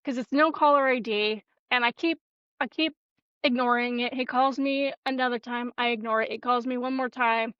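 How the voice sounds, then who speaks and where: A woman co-hosting a podcast and telling a story in a profane, animated way. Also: on the high side, normal speed, clear, resonant tone, no room sound, lo-fi sound. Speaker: podcast co-host. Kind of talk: casual storytelling chat.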